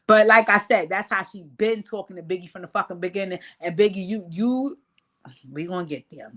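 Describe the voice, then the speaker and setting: A woman hosting a casual reality-show recap, talking in a brash, profane, animated way. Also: lowish voice, fairly quick. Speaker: host.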